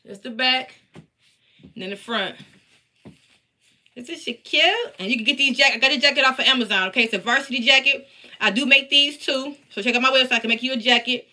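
Her high-pitched voice is fast, bright, and forceful as she chats on a live stream from her home basement. The craft seller and teacher addresses viewers head-on while showing her embroidered patches.

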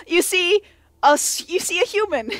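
A woman's voice: very high voice, normal speed, no room sound. A woman running a tabletop game as game master, narrating with frequent laughter and tumbling restarts. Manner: laughs often while narrating, animated with many restarts.

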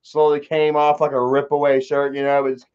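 Rambling, profane young man with a high voice. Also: monotone, moderate pace, a little mellow, clean tone. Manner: profane, rambling, laughs often. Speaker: commentary vlogger. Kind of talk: casual rambling commentary. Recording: dull lo-fi audio.

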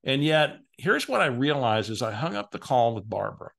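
A man from San Antonio, Texas, coaches real estate agents in an upbeat, conversational lesson. His mid-pitched voice carries a steady gravelly texture. He moves easily into storytelling. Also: normal speed.

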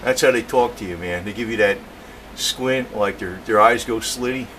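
A man's voice: fairly low pitch, normal speed, slight background noise, rough recording. A man casually narrating a home video, rambling and swearing as he chats to his cats about a walkway he built. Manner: rambling, profane, chatty, talks softly to his cats. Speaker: home DIY vlogger. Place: indoor home room.

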